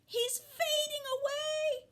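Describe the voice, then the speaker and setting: A woman reading aloud and voicing an anxious young girl who speaks in a high, urgent way. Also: fairly even intonation, normal speed. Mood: alarmed.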